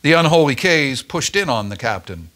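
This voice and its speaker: Man reading a christmas story at church, really lively up and down, bright tone. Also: medium pitch, moderate pace. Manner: expressive, dramatic storytelling. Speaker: story reader at a church Advent service.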